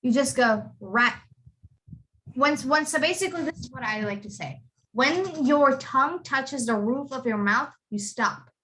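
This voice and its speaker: A woman's voice: sits high, lively intonation, measured pace, pushed and bright, slight background noise. A young woman teaching pronunciation to children over a video call, patiently explaining and repeating model words. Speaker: accent tutor. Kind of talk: online pronunciation lesson for kids.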